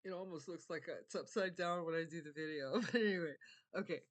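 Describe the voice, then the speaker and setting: A woman's voice: on the low side, fairly quick. An older woman speaking a heartfelt monologue to camera as a vlogger, earnest and meandering, often circling back and repeating her phrases.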